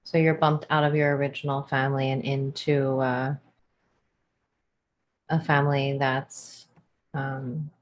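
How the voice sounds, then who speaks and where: Deep-voiced woman host explaining earnestly. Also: flat delivery, measured pace, long pauses, lo-fi sound. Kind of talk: casual livestream chat.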